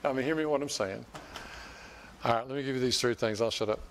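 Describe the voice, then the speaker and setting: A man's voice: mid-range voice, fast talker, a little hiss or hum. An older man preaching a sermon as pastor, folksy and rambling, restarting and repeating words as he talks to his church. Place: church sanctuary.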